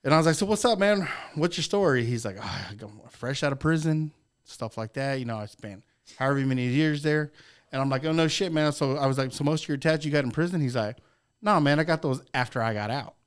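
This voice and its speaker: A man's voice: medium pitch, a little fast, smooth. A middle-aged man hosting a podcast, telling long, profane, rambling stories in casual chat. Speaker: podcast host.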